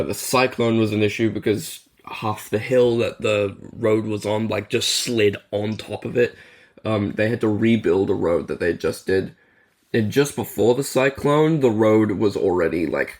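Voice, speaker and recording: A man with a low, gravelly voice talks through a casual podcast chat. He rambles, explaining things at length, with plenty of fillers along the way. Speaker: podcast co-host.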